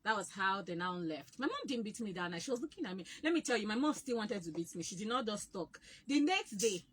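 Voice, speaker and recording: A young Nigerian woman telling childhood stories in a casual chat, animated and laughing often. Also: mid-range voice, fairly quick, breathy edge.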